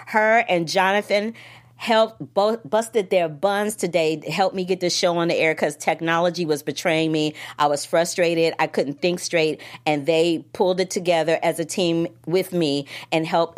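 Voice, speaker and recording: Brief: woman critic host, lower pitch, animated, direct to camera, casual. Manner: emphatic, animated, talks straight to the audience. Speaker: film critic show host. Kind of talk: casual chat, sign-off to viewers.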